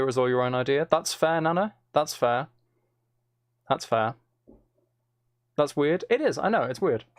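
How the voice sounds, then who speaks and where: A man's voice: mid-range voice, no echo, clean studio sound. A man chatting casually on a live stream, reading out viewers' messages and hesitating often.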